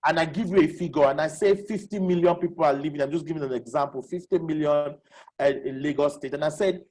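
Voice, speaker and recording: Talking fast in a mid-range, slightly mellow voice, a webinar facilitator presents a live online lecture. Key questions get repeated, and there are regular checks that people follow. Heard through a video call, the audio is poor.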